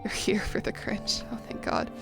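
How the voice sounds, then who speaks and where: A woman's voice: normal speed, over music. A young American woman chatting casually on a game stream, reading chat aloud with a chatty, self-deprecating manner. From United States. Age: young adult. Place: home room.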